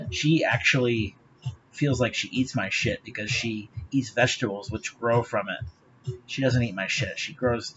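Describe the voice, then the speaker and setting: A man's voice: on the low side, fairly bright tone, lo-fi sound, slight background noise. A man talking straight to his viewers in a rambling, profane monologue, laughing often. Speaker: vlogger.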